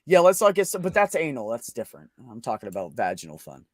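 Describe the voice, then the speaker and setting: A man's voice: medium pitch, very animated, quick pace, a crowd in the background. Crude, joking young man on a livestream. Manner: crude, joking, laughs often. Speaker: livestream host. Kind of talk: casual live chat.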